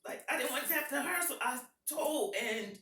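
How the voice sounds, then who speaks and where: Woman, impassioned testimony, crisp bright voice, heard from a distance in a reverberant hall. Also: high-pitched, animated, a little fast. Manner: emotional, swings from hushed to shouting. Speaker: motivational speaker. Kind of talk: impassioned personal testimony to a live audience. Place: event hall with an audience. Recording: echoey hall, voice picked up from far off.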